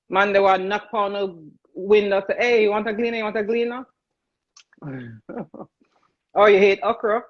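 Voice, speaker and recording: A Jamaican woman hosts a live cooking stream, chatting easily and laughing as she calls out viewers by name. Her voice sits at a middle pitch. The sound is a little dull and lo-fi, like a phone livestream. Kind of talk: casual livestream chat while cooking.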